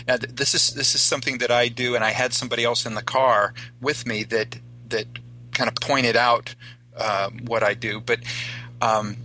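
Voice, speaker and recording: A man hosting a radio talk show, telling a story in a halting way with many restarts. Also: medium pitch, steady tone, pushed and bright, poor audio. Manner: halting, repeats words while telling a story. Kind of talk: casual radio chat.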